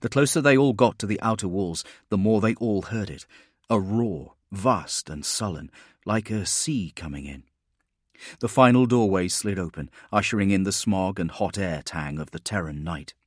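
A man reads a science-fiction audiobook in a steady, measured storytelling manner. His voice sits low, recorded dry and close with no room sound. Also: dry recording. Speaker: audiobook narrator. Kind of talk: scripted narration.

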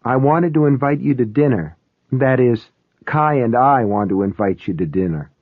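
A man's voice: medium pitch, animated, normal speed, no room sound, natural voice. A man voicing a nervous, frightened young mother who speaks hesitantly and apologetically. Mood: nervous, apologetic. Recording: tinny, phone-like, dry.

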